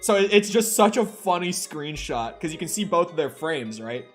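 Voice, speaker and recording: A young man streaming a game, telling a long funny story in a lively, laughing way and swearing casually. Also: a little high, normal speed, faint music behind.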